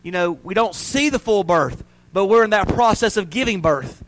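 A man preaching a sermon, telling stories and building to loud, fervent peaks. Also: high voice, expressive, normal speed, slight background noise, poor audio.

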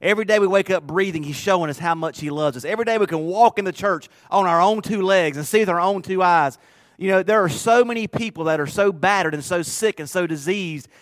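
A man's voice: high-pitched, a little fast, no room sound, studio quality. A male pastor preaching a sermon in a conversational, emphatic way, often repeating phrases.

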